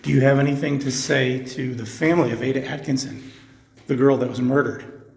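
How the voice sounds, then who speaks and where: A man on a ghost-hunting session, asking spirits slow, measured questions inside an old jail. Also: mid-range voice, level tone, creaky. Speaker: paranormal investigator. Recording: echoey old jail cell.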